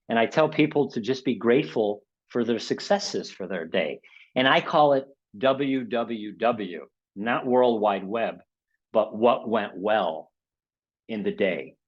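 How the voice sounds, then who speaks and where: A man with a lowish voice hosts a motivational webinar in a conversational style, regularly checking in with "okay?" and "right?" and voicing inner thoughts in a raised tone. The sound quality is lo-fi.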